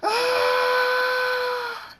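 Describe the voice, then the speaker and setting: A man's voice: mid-range voice, normal speed, heavy background noise, close to an everyday voice. A man voicing a young male pony hero in a storybook, tense and terse, who breaks into screams. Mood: screaming. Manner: terse questions, bursts into screaming.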